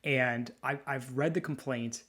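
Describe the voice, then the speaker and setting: Husky thirtyish male lawyer, podcast co-host; loose, sentimental, restarts a lot. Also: mid-range voice, fairly even intonation, unhurried, fairly bright tone. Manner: rambling, candid and sentimental, with frequent restarts. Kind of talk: casual chat.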